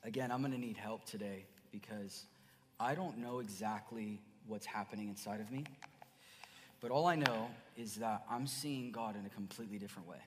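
A man preaching a sermon as pastor, earnest, dropping to soft murmurs then rising to emphatic bursts. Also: fairly low pitch, normal speed, over music. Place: church sanctuary. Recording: church hall reverb.

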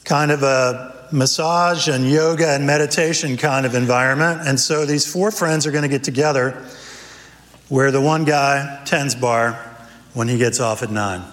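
A man, a pastor, preaching a sermon, praying and then telling a lively story with character voices. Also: normal speed. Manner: animated storyteller, voices characters with raised pitch. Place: church sanctuary. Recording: church hall reverb.

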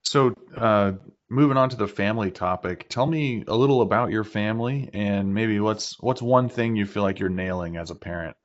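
A man hosting an interview, asking calm and thoughtful questions. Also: on the low side, normal speed. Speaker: interviewer host. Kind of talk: interview conversation. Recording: dull lo-fi recording.

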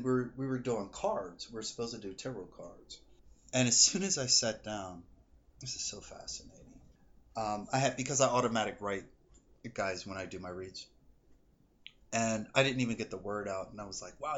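A man with a medium-pitched voice speaks at a normal speed, the audio's highs cut off. He co-hosts a casual podcast as a psychic reader, telling stories with animation and acting out what people said.

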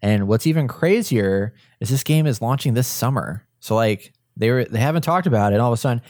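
A man's voice: medium pitch, expressive, a little fast, hardly any pauses, darkish tone, no echo, clean studio sound. A man from Texas co-hosting a casual video game podcast, chatty and enthusiastic when reading the news. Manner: upbeat, enthusiastic about racing games. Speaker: podcast co-host.

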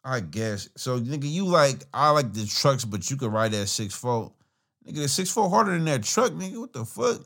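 A man's voice: medium pitch, sing-song, moderate pace, gravelly, fairly bright tone. A man hosting a podcast, giving casual, profane, rambling commentary on songs and laughing often. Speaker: podcast host reacting to music.

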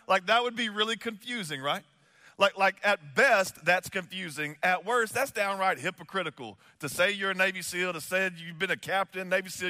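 A man preaching as a pastor, telling stories in a chatty, animated way full of fillers. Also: sits high, in a large hall. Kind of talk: sermon with storytelling.

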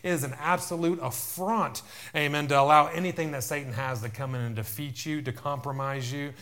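A man's voice: mid-range voice, fairly bright tone. A man preaching a fervent sermon, repeating himself and calling out amen and church. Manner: fervent, repetitive preaching with many amens.

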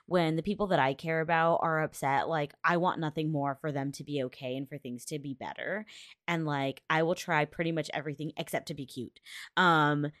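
A woman co-hosting a podcast in casual chat, blunt and swearing freely, breaking into loud laughs. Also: low-pitched, no echo, clean studio sound. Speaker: podcast co-host. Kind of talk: casual chat recapping a TV episode.

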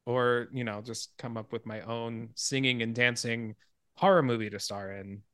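A man hosting a podcast in casual chat, retelling a film scene in an animated way and laughing along. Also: medium pitch, moderate pace, smooth, dry recording. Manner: animated storyteller, laughs and swears freely. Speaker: podcast host.

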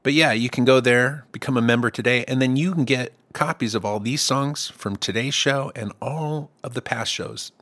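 A man's voice: medium pitch, normal speed, few pauses, fairly bright tone. A middle-aged man hosting his own music podcast, talking in a loose, comic, rambling way. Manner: loose, comic, with playful put-on voices. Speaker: podcast host and songwriter. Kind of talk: casual rambling monologue.

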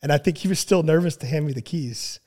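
A man in his thirties telling a long story in casual chat, with many fillers and frequent throat clearing. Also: a little high, quick pace. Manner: relaxed, filler-heavy, clears throat often. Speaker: podcast guest.

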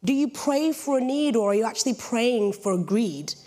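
Young female British preacher, playful storyteller, slightly high voice. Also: moderate pace. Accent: British English. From Britain. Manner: lively, jokey storytelling. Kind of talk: sermon.

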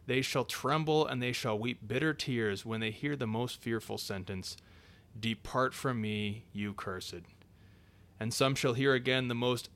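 Guy reading an old sermon aloud, slow and solemn, goes quieter on the bible refs. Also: mid-range voice. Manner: measured, solemn reading; drops quieter for scripture citations. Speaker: reader.

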